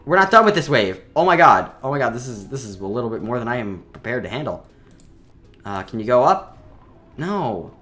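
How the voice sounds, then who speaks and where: A man's voice: medium pitch, big pitch swings, fairly quick, sharp tone. A man giving enthusiastic, rambling let's play commentary, with lots of fillers as he plays a video game. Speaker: gaming video host.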